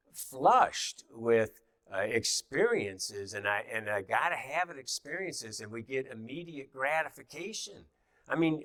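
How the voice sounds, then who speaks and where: A man's voice: mid-range voice, a bit bright, no echo. A middle-aged man teaching a class in an easy, conversational way, with many fillers and restarts and little acted-out quotes.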